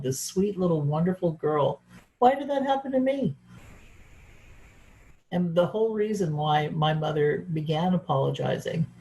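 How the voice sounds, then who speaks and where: A woman's voice: low voice, darkish tone, poor audio. A woman speaker giving an earnest, reflective talk about her own life. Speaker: event speaker. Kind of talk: personal storytelling talk.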